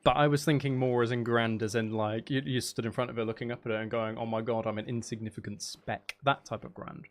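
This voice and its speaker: A man chatting casually while he streams a game. His voice sits at a middle pitch, and he rambles and jokes at his own expense. There is a faint hiss behind him. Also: fairly even intonation, fast, hardly any pauses. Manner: playful, self-mocking, jokey; chats to viewers in a loose, rambling way.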